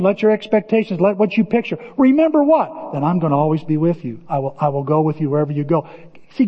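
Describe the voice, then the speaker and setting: A man preaching a sermon as pastor, animated, acting out quotes and often repeating words. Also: sits high, big-room sound, muffled recording.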